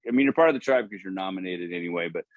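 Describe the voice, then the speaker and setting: Low-voiced american guy, rambly, tons of "you know"s, dry close sound. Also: lively intonation, very fast, no echo, narrow, tinny audio. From United States. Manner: rambling, many "you know" fillers and restarts. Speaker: guest musician. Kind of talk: casual interview talk.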